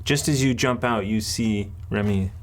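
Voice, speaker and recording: A man narrating a tabletop game as game master, telling the scene in a deliberate storytelling way. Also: on the low side.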